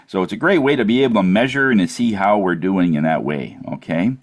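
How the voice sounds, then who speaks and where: Deep-voiced man hosting a meeting. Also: expressive, fairly quick. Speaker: meeting host. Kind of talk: running a business meeting.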